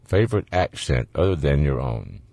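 A man's voice: very deep voice, sing-song, normal speed, creaky, dark tone, no room sound. A man with a Southern US accent hosting a call-in radio show, talking in a folksy, rambling, jokey way. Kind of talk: casual radio talk.

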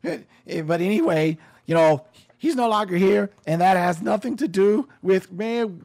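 A man's voice: high-pitched, lively intonation, moderate pace, creaky, a little mellow. A man giving a casual commentary monologue, sarcastic and emphatic, often repeating his phrases.

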